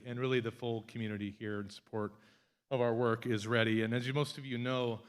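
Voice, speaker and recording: Male economic development director, mid-pitched, energetic and chatty, addressing an event crowd. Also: fairly quick, clean tone. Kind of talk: public speech.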